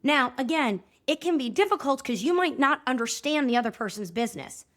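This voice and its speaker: A woman hosting a podcast, telling a story in a lively way and acting out both sides of the conversations. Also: high voice, brisk. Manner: animated, acts out both sides of dialogues. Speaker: podcast host and movement coach. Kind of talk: storytelling monologue.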